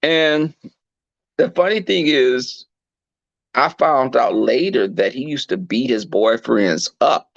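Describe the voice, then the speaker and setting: A man telling a candid personal story in a blunt, animated and profane way. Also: mid-range voice, slow pace, gravelly, dry recording, dull audio. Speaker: podcast host.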